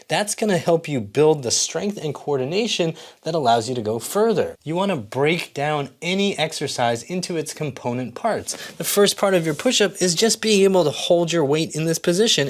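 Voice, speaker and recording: An encouraging fitness coach gives exercise instruction straight to the camera. The delivery is patient and methodical, breaking each movement into small steps, with a voice sitting at a middle pitch. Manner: patient, encouraging, explains step by step. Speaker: fitness coach and channel host.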